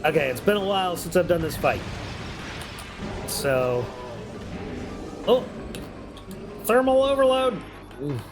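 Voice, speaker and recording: A high-voiced man from New York, now with a faint Southern drawl, talks at an unhurried pace. His voice swings widely as he chats and curses through a game stream, and faint music plays behind him. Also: sing-song. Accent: mild Southern drawl. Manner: chatty, profane, laughs often. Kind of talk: casual gameplay commentary.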